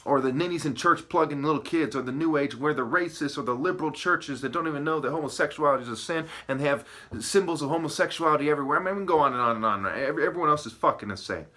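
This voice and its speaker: A man's voice: a little high, very fast, hardly any pauses, bright, forceful tone. A man ranting to the camera, agitated and profane, hopping from wordplay to accusations and asking "okay?" and "right?" again and again. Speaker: video commentator.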